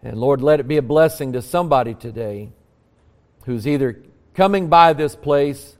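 A man preaching a sermon to a congregation, building to emphatic peaks and dropping to quiet, earnest prayer. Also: mid-range voice, normal speed, long reverb tail. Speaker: pastor. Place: church sanctuary.

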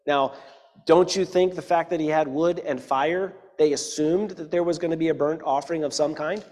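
A man's voice: fairly high pitch, fairly even intonation, normal speed, darkish tone, in a large hall. A man in his forties preaching a sermon, talking conversationally and making joking asides to his congregation. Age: 40s. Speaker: pastor.

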